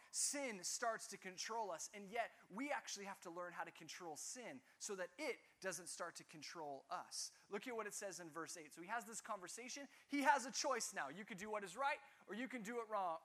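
A man teaching a Bible class, asking his students questions and joking with them. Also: high voice. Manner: lively, asks the class questions, jokes.

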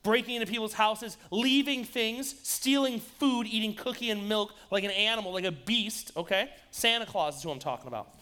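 A youth pastor with a high voice delivers an upbeat sermon to teenagers. He jokes, teases his audience and talks to them directly. His tone is bright and energetic. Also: normal speed, few pauses, smooth. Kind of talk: lively youth-group sermon.

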